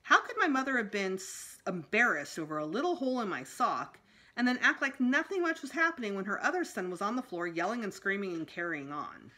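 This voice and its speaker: A woman, a school librarian, reading a children's chapter book aloud with expressive storytelling. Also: mid-range voice, fairly quick.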